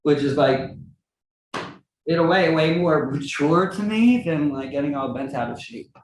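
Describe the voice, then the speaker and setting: A man chatting casually as a musician guest in an interview, animated and laughing often. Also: a little slow, a little hiss or hum. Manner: animated, acts out quoted friends in high voices, laughs often. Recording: roomy with faint ambience.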